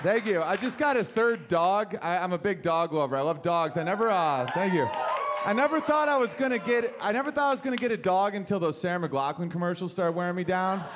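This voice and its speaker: A man doing a stand-up set in a comedy club, talking in an animated way, acting out voices and swearing casually. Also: high-pitched, fairly quick, background noise. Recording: live club set with loud crowd laughter.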